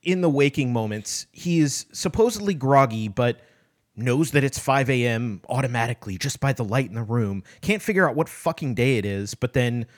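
A man talks through a book in a relaxed podcast conversation. He reads passages aloud with deliberate sarcastic inflection, then breaks off to criticize the writing. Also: mid-range voice. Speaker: podcast co-host. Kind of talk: casual book discussion, reading aloud.

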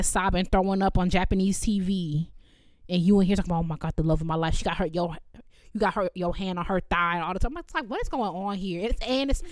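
A woman co-hosting a podcast with blunt, exasperated commentary. Her voice sits on the lower side. She is heard dry and close to the mic. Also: no room sound. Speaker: podcast co-host. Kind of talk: casual book club chat.

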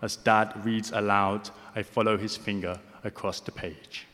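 A deaf man performing spoken word poetry on stage, with slightly slurred speech, moving between rhythmic recitation and soft, hesitant asides to the audience. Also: on the low side, flat delivery, measured pace, background noise. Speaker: poet performing. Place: large hall on stage. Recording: live hall reverb.

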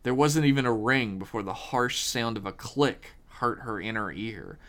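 A man hosting a podcast, reading a horror story aloud with measured, dramatic pauses. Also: lowish voice, expressive, fairly bright tone.

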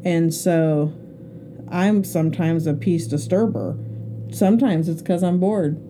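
Chatty, laughing woman with a low, mellow voice. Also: unhurried, a little hiss or hum. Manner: chatty, laughing, self-mocking. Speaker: podcast co-host. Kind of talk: casual podcast chat.

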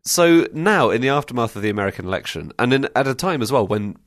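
A man's voice: medium pitch, very animated, fast, a bit bright, dry recording. A man presenting a podcast, introducing topics with wry, dry understatement in a conversational way.

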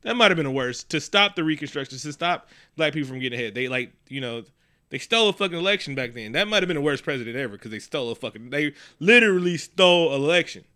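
A man's voice: a little high, expressive, fast, bright, forceful tone. A man co-hosting a casual comedic podcast chat, rambling and profane, riffing with mocking impressions. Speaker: podcast co-host.

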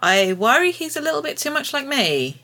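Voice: high-pitched, very animated, normal speed, sharp tone. A podcast co-host chatting casually about a tabletop role-playing character, often backing the other speaker with short agreements. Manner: supportive, many short agreements.

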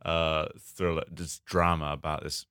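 A man's voice: a bass voice, little pitch movement, unhurried, sharp tone, clean tone, dry recording, clean studio sound. A man co-hosting a comedy podcast in casual banter, emphatic and sweary. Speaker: podcast co-host.

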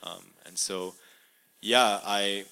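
A young man sharing a personal testimony in an interview, earnest and halting, full of fillers and restarts, in a room with a live audience. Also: fairly low pitch, fairly even intonation, vocal fry, bright, forceful tone, clear, resonant tone, low-quality recording.

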